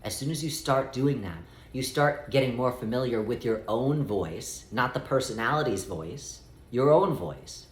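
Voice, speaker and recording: A man of middle pitch who gives calm spiritual guidance and speaks as "we" throughout. He talks in a measured way and slows down to stretch out key phrases. His voice rings a little in a room with noticeable echo. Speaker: spiritual teacher.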